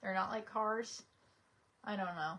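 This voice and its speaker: A woman's voice: mid-range voice, measured pace, fairly bright tone. A young woman host chatting casually on a live stream, giggling and reading viewer comments aloud.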